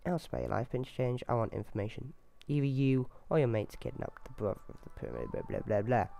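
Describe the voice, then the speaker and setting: A man giving casual running commentary as he plays a video game, talking to himself with sudden excited yelps. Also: mid-range voice, a little fast, creaky. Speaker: gameplay video host.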